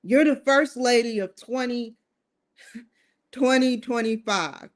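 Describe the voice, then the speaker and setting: A woman with a fairly high voice speaks slowly in a casual vlog-style monologue to the camera. She muses aloud and poses rhetorical questions directly to her viewers.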